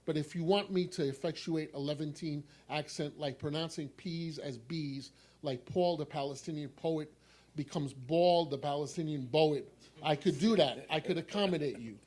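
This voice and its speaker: A man with a New York accent gives a poetry reading in a fairly high voice for a man. His delivery is wry and dry, and he circles back to a refrain again and again. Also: moderate pace, darkish tone. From New York City. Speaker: poet.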